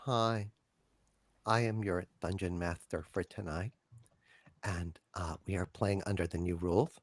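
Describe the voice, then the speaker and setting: A man voicing a soft-spoken, preachy male game master who lectures the players gently and earnestly. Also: low-pitched, fairly even intonation, a little slow, no room sound, voice pushed down. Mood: mock-earnest.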